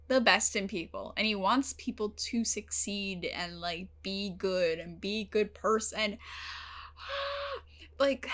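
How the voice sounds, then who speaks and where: A young woman hosting her own channel, talking casually and emotionally to the camera, full of fillers and the odd swear word. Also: medium pitch. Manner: emotional, animated, heavy use of fillers and swearing. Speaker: reaction channel host. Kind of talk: casual talk to camera about a TV episode.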